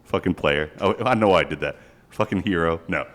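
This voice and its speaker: A man's voice: sits low, a little fast, fairly bright tone. A young man co-hosting a podcast, rambling crudely and swearing as he jokes. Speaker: podcast co-host. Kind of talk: casual podcast chat.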